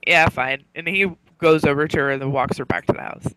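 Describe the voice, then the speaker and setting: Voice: medium pitch, steady tone, fast talker, a bit bright, smooth, no echo, poor audio. A game master casually narrating a tabletop role-play scene. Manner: casual, laughs often.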